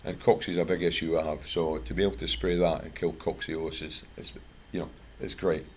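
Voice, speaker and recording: Husky low-voiced Scottish man. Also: little pitch movement, a little fast. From Scotland. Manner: chatty, anecdotal, plain-spoken. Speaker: guest speaker at a bird club. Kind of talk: informal talk with product pitch and anecdotes.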